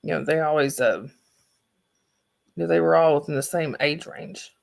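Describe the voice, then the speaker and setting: A woman's voice: sits low, little pitch movement, a little fast, gravelly, a little mellow. A woman with a Southern accent hosting a livestream, chatting casually and rambling with her viewers. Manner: rambling, chatty, restarts sentences. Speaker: livestream host.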